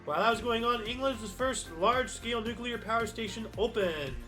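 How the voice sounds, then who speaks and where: A man's voice: extremely high pitch, brisk, pushed and bright. A man hosting a casual history stream, reading dates aloud and then musing to himself in loose, rambling asides. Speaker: history show host. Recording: faint background music.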